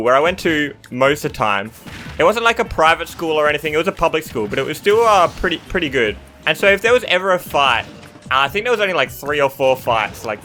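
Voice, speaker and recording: Young man, gaming YouTuber, bright and slightly high voice, telling stories over a game with music faint behind him. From Australia. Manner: animated, breaks off mid-story to react to the game. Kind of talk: storytelling while playing a video game.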